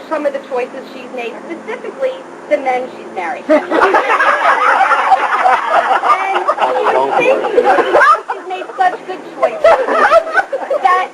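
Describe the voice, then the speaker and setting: A middle-aged woman giving a comic roast speech, joking and laughing often, at a live party. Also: extremely high pitch. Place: party hall with audience. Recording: live room, loud crowd and noise. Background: loud laughing crowd.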